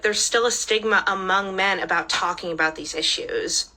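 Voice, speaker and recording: A woman's voice: mid-range voice, moderate pace, bright, forceful tone, low-quality recording. A woman speaking in a short social media clip, making earnest, matter-of-fact statements.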